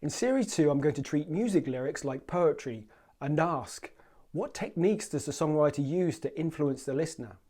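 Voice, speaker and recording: A man hosting a poetry channel, giving scripted commentary on song lyrics and reciting them in a measured way. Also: on the high side, lively intonation, dark tone. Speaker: host.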